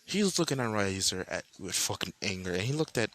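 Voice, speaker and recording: A man's voice: lowish voice, very animated, quick pace, a bit bright. A young man improvising a fan-fiction story in a casual, rambling, profane way, full of slang.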